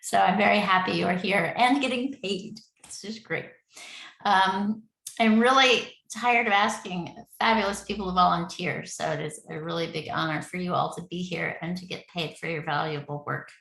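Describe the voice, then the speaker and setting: A woman's voice: lowish voice, moderate pace, vocal fry, a bit bright, reverberant, low-quality recording. A woman leading an online project meeting from home, talking in a rambling, effusive way and laughing often. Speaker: city project lead running the meeting. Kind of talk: casual online meeting talk.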